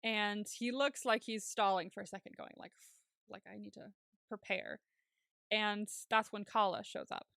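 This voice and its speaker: A woman's voice: mid-range voice, fairly even intonation, normal speed, a bit bright, smooth, no room sound. Chatty woman podcast host, dry sound. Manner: chatty, laughs often, casual swearing. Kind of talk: casual TV recap chat.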